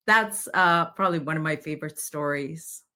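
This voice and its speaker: A woman's voice: low-pitched, normal speed, pushed and bright. A middle-aged woman, a psychic medium, telling a story in an interview and acting out the quoted voices.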